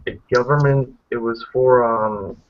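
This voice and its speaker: A man's voice: mid-range voice, fairly even intonation, a little slow. A man hosting a casual group video chat, rambling and blunt, swearing freely. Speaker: hangout host. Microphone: video call. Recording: tinny phone-like audio.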